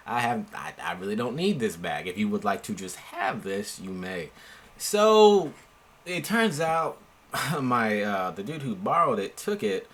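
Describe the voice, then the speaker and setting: A young man telling a story from his own life in a laid-back, slangy, animated way. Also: mid-range voice, breathy edge. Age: young adult. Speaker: storyteller vlogger. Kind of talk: casual storytelling.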